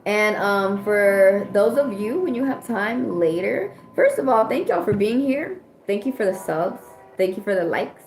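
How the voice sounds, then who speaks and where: A woman's voice: medium pitch, lively intonation, a little slow, hardly any pauses. Blunt, profane American woman tarot reader. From United States. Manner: blunt, profane, rambling advice. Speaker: tarot reader hosting a livestream. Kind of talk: casual livestream chat. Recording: echoey room with music playing.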